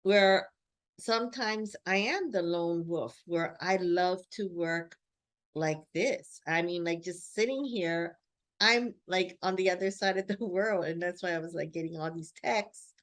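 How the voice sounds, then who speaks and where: A woman's voice: on the low side, unhurried. A woman vlogging in a casual, reflective monologue while sitting outdoors, rambling with lots of "like" and "you know" and laughing often as she talks. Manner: chatty, rambling, many "like" and "you know" fillers.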